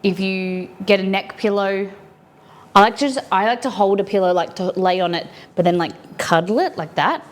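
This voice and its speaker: A woman's voice: mid-range voice, normal speed. A woman streamer chatting casually with her viewers while she makes food in her kitchen. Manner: chatty, answers chat while rolling food. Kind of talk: casual cooking livestream chat.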